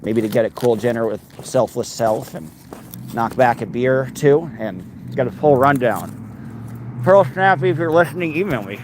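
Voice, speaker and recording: A man hosts a casual livestream while out on a road trip, rambling between chat messages and fussing over his dog. His pitch swings widely as he talks. A faint hiss of background noise sits under the voice. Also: lively intonation, normal speed. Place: outdoors and in a car on a road trip.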